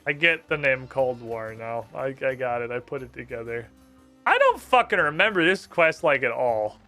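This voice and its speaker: A young man streaming a game, commenting casually with lots of swearing and excited outbursts. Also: medium pitch, moderate pace, soft background music. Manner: profane, excitable, reads game text aloud.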